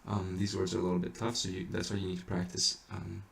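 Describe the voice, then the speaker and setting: A man's voice: low-pitched, completely flat delivery, quick pace, vocal fry, slight background noise. A man teaching how to chant, patiently explaining each step in a casual way. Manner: patient, explains in small steps. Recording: echoey room, distant mic, faint ambience.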